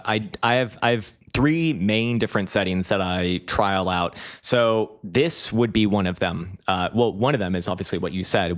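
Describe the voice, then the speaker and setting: Host, male, 30s, lowish voice, rambling and profane live-chat delivery with lots of "you know" and "um". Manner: loose and profane, heavy fillers and restarts, laughs often. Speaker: crypto trading streamer. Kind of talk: casual livestream chat reading viewer comments.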